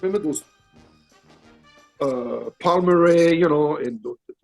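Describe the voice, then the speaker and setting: Older belgian guy with a french accent, gravelly husky voice, telling a story in broken english and acting out every line. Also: on the high side, soft background music. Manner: animated storyteller, acts out quotes, halting broken English. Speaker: interview guest, actor. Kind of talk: storytelling interview.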